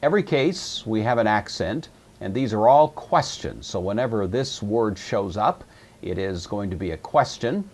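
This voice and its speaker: A man's voice: lowish voice, expressive, normal speed, darkish tone. A man teaching a grammar lesson, explaining patiently and methodically with frequent fillers. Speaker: Greek teacher. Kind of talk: recorded lecture.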